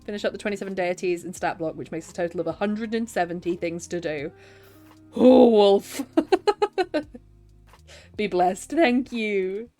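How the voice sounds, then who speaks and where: A woman's voice: on the low side, normal speed, a little mellow, soft background music. A woman chatting casually on a live writing stream, answering her chat and laughing often.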